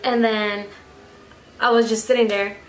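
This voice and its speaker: A woman's voice: on the high side, measured pace. A young woman vlogger casually recounting a story, swearing freely and acting out quotes, recorded on a camera mic at home. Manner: swears freely, animated retelling with acted quotes. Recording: echoey room, faint background noise.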